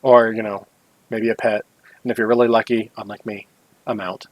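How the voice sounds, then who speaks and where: A man's voice: fairly low pitch, flat delivery, moderate pace, no room sound, rough recording. A man co-hosting a casual gaming podcast, rambling along with jokey asides and frequent self-corrections. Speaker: podcast co-host.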